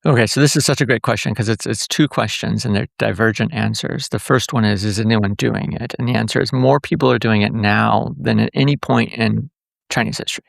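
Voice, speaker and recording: Gravelly-voiced professor talking fast and eager. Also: male voice, fairly low pitch, fairly even intonation, no room sound, clean studio sound. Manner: enthusiastic, explanatory, many fillers and restarts. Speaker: guest professor. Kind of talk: podcast interview.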